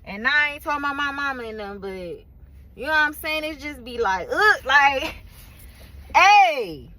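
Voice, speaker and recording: A woman's voice: high-pitched, lively intonation, moderate pace, sharp tone, low-quality recording. A woman venting in a casual, rambling rant from her car, weary and frustrated, swearing freely and leaning on fillers. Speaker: vlogger and small business owner.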